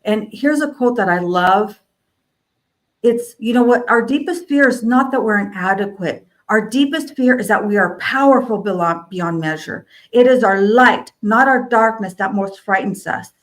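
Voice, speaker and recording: A woman's voice: mid-range voice, moderate pace. A woman speaking on a video call panel, giving a motivational talk and repeating lines for emphasis.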